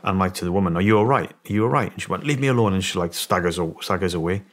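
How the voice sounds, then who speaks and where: Here a former soldier from England, middle-aged and speaking British English, is a podcast guest spinning an animated tale and voicing its characters. His pitch is low and his pace quick.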